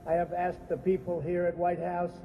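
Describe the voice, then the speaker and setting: A man's voice: high-pitched, completely flat delivery, normal speed, dark tone, low-quality recording. A man doing a boastful older president impression. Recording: faint music behind, from a played clip.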